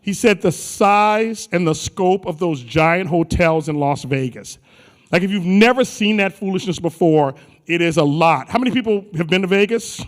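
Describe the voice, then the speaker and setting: High voiced guy hosting a conference, joking with the crowd, big echoey hall. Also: normal speed. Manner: playful, teasing, colloquial. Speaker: conference emcee. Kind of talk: joking crowd work on stage. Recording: live hall with long reverb.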